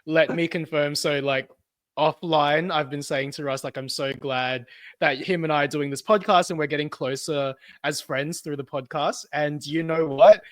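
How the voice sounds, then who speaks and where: An Australian man in his thirties co-hosting a podcast, enthusiastic and quick to laugh. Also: on the high side, steady tone, no room sound. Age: 30s. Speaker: podcast co-host. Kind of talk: casual chat.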